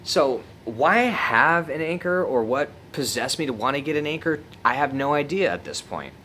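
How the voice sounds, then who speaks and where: A man's voice: a little high, animated, normal speed, bright, forceful tone, slight background noise. Laid-back, swearing young man telling a story. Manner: laid-back, profane, laughs through the story. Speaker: vlogger. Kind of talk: casual storytelling.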